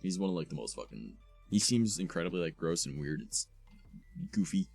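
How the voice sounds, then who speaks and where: A man's voice: low voice, very animated, brisk, vocal fry, a little mellow, soft background music. A young man hosting a live stream, rambling casually, swearing and thanking new followers as he talks. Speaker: streamer host.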